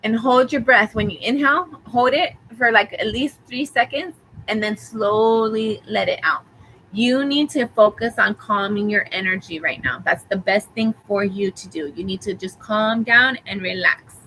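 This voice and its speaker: A woman giving a tarot reading, calmly reassuring the listener with affirmations and rambling a little as she talks. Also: medium pitch, moderate pace, slight background noise, poor audio. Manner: rambling, with fillers and restarts. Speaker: tarot reader. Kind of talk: live tarot reading for a viewer.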